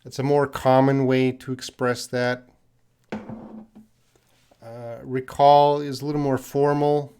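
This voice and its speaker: A man from Canada, an English teacher answering viewers' questions on a live stream, explaining patiently and repeating words slowly for learners. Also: medium pitch, flat delivery, dark tone, smooth.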